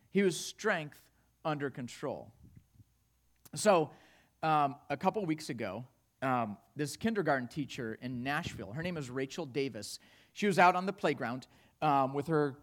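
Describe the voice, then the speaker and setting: Animated high-voiced male preacher. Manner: animated storytelling, swings from hushed to loud. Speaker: pastor. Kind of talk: sermon.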